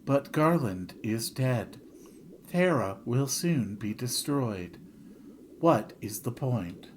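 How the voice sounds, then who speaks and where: Man playing a hollow clone girl, robotic monotone, soft and low, slow. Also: a little hiss or hum. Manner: flat, robotic delivery. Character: young female clone, hollow and emotionless. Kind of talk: video game dialogue reading.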